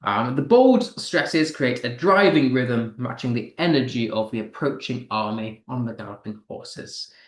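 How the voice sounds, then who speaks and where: A man's voice: mid-range voice, lively intonation, measured pace, hardly any pauses, roomy sound. A man teaching an online class, reading chat answers aloud and explaining step by step with frequent fillers.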